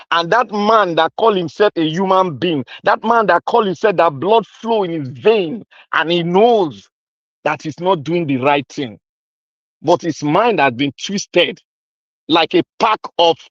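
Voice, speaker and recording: A man's voice: a little high, fairly bright tone, dry recording, muffled recording. A man with a Nigerian accent delivering an angry, accusing political rant, repeating himself and slipping into pidgin. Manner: mixes in pidgin. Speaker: commentator.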